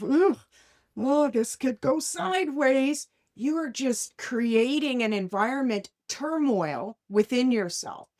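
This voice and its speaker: A woman hosting a life coaching podcast in casual conversation, animated, often asking "right?" and acting out inner voices. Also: medium pitch.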